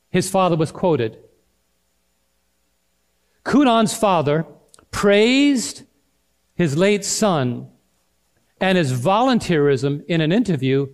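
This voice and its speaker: A middle-aged male pastor with a high voice preaches a sermon. He swings between loud and hushed delivery and calls out to the congregation.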